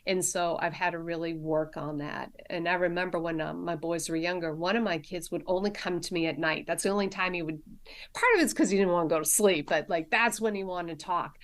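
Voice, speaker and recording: A middle-aged woman, a nurse practitioner, sharing personal stories as a podcast guest in a halting way, full of restarts and fillers. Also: on the low side, fairly even intonation. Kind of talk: candid personal storytelling in a podcast interview.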